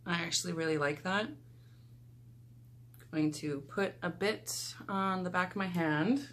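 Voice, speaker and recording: A young woman talks her viewers through a get-ready-with-me makeup routine in a relaxed, chatty way. Her voice sits a little low and she takes her time between phrases. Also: measured pace, noisy background. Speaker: beauty vlogger. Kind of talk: casual get-ready-with-me talk.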